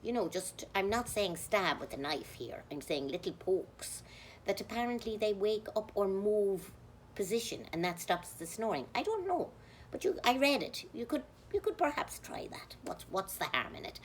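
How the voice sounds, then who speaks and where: A woman with an Irish accent, rambling through a comic monologue as a nun, chatty and mock-pious with deadpan dark jokes. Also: medium pitch, moderate pace, a little hiss or hum. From Ireland. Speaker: comedian in a nun persona. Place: outdoors, with passers-by.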